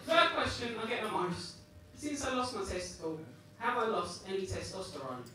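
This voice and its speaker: A man's voice: sits high, sing-song, normal speed, background noise. A British man performing a stand-up comedy set with a dry, conversational delivery. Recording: echoey comedy club from a distance. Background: audience laughter.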